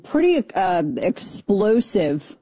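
A woman's voice: medium pitch, very animated, takes it slowly, dark tone, dry recording. A woman hosting a political talk radio show, combative and sarcastic, rambling with fillers into a studio microphone.

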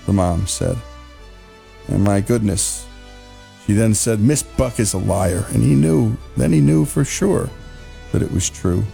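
A man's voice: lowish voice, unhurried, creaky, pauses often, warm tone, faint music behind. A man hosting a radio program and earnestly recapping the story. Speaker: radio show host. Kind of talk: radio narration.

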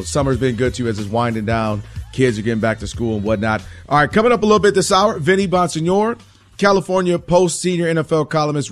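A man hosting a sports radio show, talking in an animated, sing-song way and laughing often. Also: medium pitch. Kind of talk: casual sports talk. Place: radio studio.

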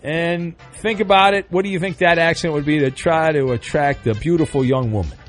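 A man hosting a radio call-in survey game, quick and teasing, joking at his own expense. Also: on the high side, soft background music. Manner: quick, teasing, self-deprecating. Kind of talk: lively radio game banter.

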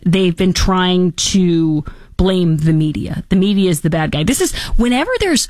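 A woman hosting a political commentary show, talking in a sarcastic, mocking and animated way. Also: low-pitched, gravelly, dry recording, clean studio sound.

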